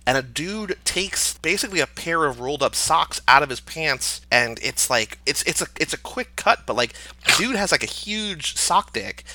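Animated, bright-voiced man rambling. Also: a little high, normal speed, a little hiss or hum, low-quality recording. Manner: rambling, many "like" fillers, animated. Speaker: podcast co-host. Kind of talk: casual chat.

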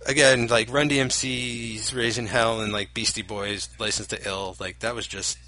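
A man chatting casually and joining in on half-remembered lyrics. His voice is bright and forward, and he talks in a self-deprecating, apologetic way. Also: fairly low pitch, little pitch movement, moderate pace, poor audio. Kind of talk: casual chat, reciting rap lyrics.

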